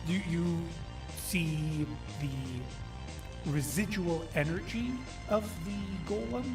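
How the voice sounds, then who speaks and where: Man running a tabletop game, higher voice. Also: music in the background. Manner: casual, halting narration with fillers. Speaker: game master.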